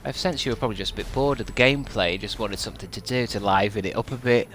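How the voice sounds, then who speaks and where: Sardonic man streaming, low voice. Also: fast talker, fairly bright tone. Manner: sardonic, rambling, self-mocking, swears casually. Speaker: game streamer. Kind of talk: casual stream chat.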